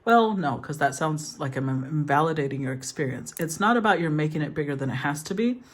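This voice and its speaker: A woman's voice: low voice, lively intonation, a little fast. A woman giving a casual tarot reading, soothing in tone, thinking aloud and rephrasing as she goes. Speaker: tarot reader.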